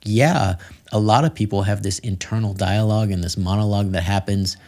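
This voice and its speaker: A man hosting a podcast interview, chatting in a relaxed, affirming way with quick restarts. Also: fairly low pitch. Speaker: podcast host.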